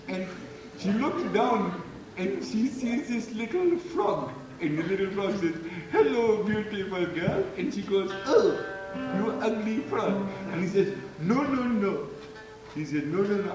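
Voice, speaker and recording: A man's voice: sits high, expressive, a little slow, pitched above the performer's own voice. A man doing a hammy mock foreign storyteller. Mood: mock solemn. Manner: exaggerated put-on foreign accent, joking. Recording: echoey live recording from far off with loud guitar.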